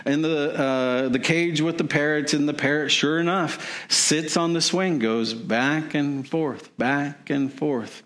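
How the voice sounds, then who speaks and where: A man preaching, telling a long joke as an illustration, rambling and repetitive with many restarts. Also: medium pitch. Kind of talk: sermon storytelling.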